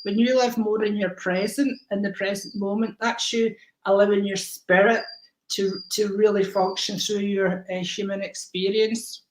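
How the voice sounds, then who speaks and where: A woman's voice: mid-range voice, flat delivery, moderate pace, reverberant, rough recording. A woman giving psychic readings to viewers on a live stream, affectionate and rambling, calling people darling. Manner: rambling, many ums and restarts.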